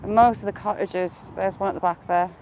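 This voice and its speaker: A woman's voice: mid-range voice, fairly even intonation, brisk, a little mellow. A woman with a Northern English accent mixing Yorkshire and Geordie, live-streaming a walk through a village on a handheld phone. She chats away, greets viewers by name and points things out. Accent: Northern English, Yorkshire and Geordie mix. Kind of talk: casual live walk-and-talk. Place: outdoors in a village, walking. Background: crows calling, faint outdoor noise.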